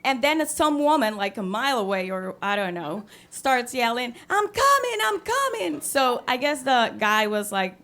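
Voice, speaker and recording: A young woman, telling a true story on a stage with wry humor and acted-out voices. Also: a little high. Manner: animated, wry and self-mocking, acting out the voices. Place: theatre stage.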